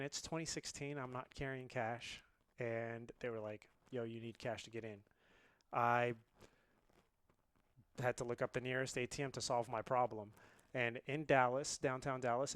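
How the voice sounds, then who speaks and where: A man in his late twenties, originally from India, telling a story as a podcast guest in a lively, laughing way. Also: mid-range voice, smooth, no echo. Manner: animated, laughs often. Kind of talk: casual storytelling.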